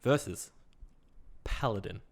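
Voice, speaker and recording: A man's voice: on the low side, slow pace. A man co-hosting a casual tabletop gaming podcast, dry and teasing, swearing offhandedly. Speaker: podcast co-host. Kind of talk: casual chat.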